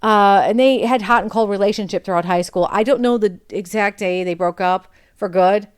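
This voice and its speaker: A woman's voice: mid-range voice, moderate pace, smooth. A woman podcast host telling a personal story in a candid, chatty way that wanders off topic.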